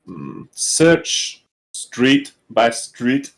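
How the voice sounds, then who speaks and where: A man voicing a male bird-folk adventurer who talks in clipped, broken phrases, slow and lively in pitch. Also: vocal fry, full character voice. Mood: terse.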